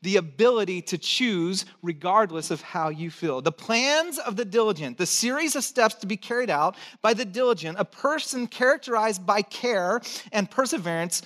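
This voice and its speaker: A man's voice: high-pitched, lively intonation, moderate pace, a bit bright. A middle-aged male pastor preaching a sermon, emphatic and conversational, repeating his key phrases. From born in Texas, raised in California.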